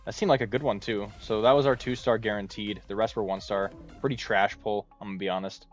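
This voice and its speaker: A man's voice: fairly low pitch, steady tone, quick pace, soft background music. A man giving casual, frank let's-play commentary on a video game. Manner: frank, offhand. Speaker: gaming video host.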